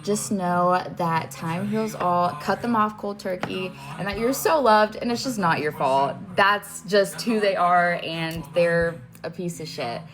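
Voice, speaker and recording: A woman's voice: fairly low pitch, measured pace, few pauses. A woman casually closing a storytime video with reassuring advice to her viewers. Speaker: storytime creator. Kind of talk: storytime sign-off. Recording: music playing underneath.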